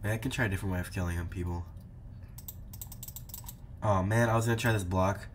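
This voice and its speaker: A young gaming YouTuber offers casual, playful commentary while he plays, teasing the players and chatting with his viewers. His low voice is fairly even in intonation and a little fast, with slight background noise.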